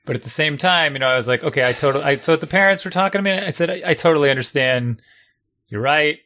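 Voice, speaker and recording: Middle-aged dad coach chatting, sharp bright voice, acts out his yelling. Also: fairly high pitch, fast. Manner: animated storyteller, acts out yelled lines. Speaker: youth sports coach and parent. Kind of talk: casual chat.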